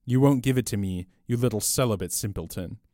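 Male reader doing big boastful robber in priest's garb, low and scornful, flat studio sound. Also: moderate pace, dry recording, natural voice. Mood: mocking. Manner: low and steady, then mocking and boastful. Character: tall, bold male master thief posing as a priest.

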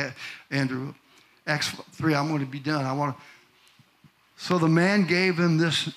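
A male pastor preaching a sermon to a congregation, building from calm talk to loud shouted peaks. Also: on the high side. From Missouri. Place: church in front of a congregation.

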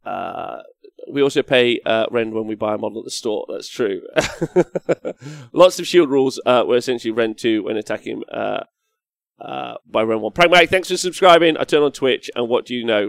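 A young man with a gravelly, medium-pitched voice paints on a casual live stream at a moderate pace, reading chat comments aloud. He gets loudly excited and swears. The recording is close and dry, with no room sound.

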